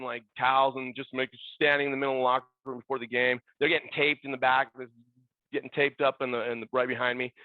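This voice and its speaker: A middle-aged man with a medium-pitched voice is telling animated stories as a podcast guest; he used to be a ballboy. He acts out others' lines in raised voices, and the dry recording sounds tinny, like a phone.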